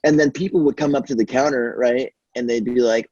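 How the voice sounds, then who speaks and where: Young guy rambling thru a story, swears a lot, husky dark voice, dull dry recording. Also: mid-range voice, fairly even intonation, brisk, dry recording. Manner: rambling, profane, lots of fillers. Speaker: podcast guest. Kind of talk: casual storytelling chat.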